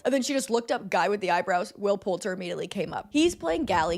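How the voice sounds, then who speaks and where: Young woman, casual streamer chat, sarcastic and chatty, laughs and swears freely. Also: fairly high pitch. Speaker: streamer recapping a film.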